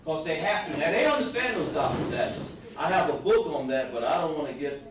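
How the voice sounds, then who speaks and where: A religious teacher with a fairly high voice, lively intonation and a brisk pace explains words step by step in a live-streamed scripture class, speaking directly to listeners. Background noise is present, and he's distant from the mic in a very echoey room.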